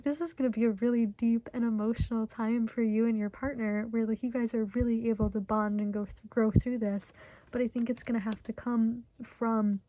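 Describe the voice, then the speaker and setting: A woman's voice: on the high side, dark tone, highs cut off. A woman in her twenties from Michigan giving a casual tarot reading, chatty and full of "like" fillers, openly talking through her feelings. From Michigan, USA. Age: 20s. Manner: chatty, heavy use of "like" fillers; emotionally open, talks through her feelings. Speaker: tarot reader.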